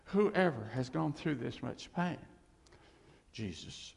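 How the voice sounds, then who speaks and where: A man preaching an informal sermon, animated and self-deprecating, with rambling asides. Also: fairly high pitch, slow pace, gravelly, husky, in a large hall.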